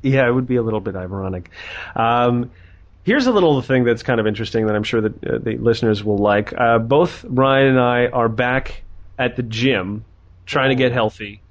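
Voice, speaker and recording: A man hosting a podcast in casual chat over an internet voice call, chatty and joking with quick asides. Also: medium pitch. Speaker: podcast host. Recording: muffled internet call audio.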